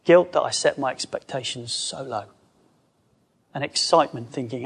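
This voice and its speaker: A man preaching a conversational sermon, lively, acting out quoted voices as he goes. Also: mid-range voice, moderate pace, gravelly, pauses often, husky.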